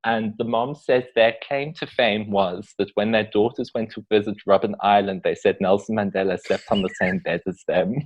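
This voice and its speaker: A young South African man chatting as a podcast guest, quick and jokey, peppering his talk with "like". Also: lowish voice, fairly even intonation, rough recording. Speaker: podcast guest, pop artist. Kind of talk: casual chat.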